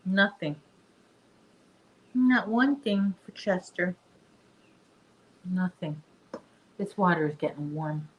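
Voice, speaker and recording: Woman, crochet stream host, low-pitched, unhurried and chatty. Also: lively intonation, muffled recording. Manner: chatty and rambling, talks to viewers and her dog. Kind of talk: casual livestream chat.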